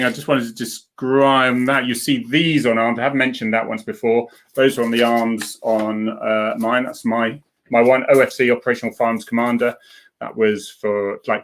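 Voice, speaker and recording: A man's voice: fairly low pitch, fairly bright tone. A middle-aged man, a former police sergeant, hosting a live stream and chatting casually with viewers in a rambling way, full of fillers and restarts.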